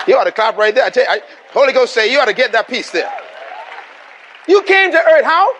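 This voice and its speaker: A Bahamian man delivers a sermon in a strikingly high voice. He preaches with emphasis, repeating his key lines and urging the listeners to answer back. A faint crowd can be heard behind him. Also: lively intonation, fairly quick, pushed and bright, a little hiss or hum. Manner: emphatic, repeats lines and calls for audience response. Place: live venue before a congregation.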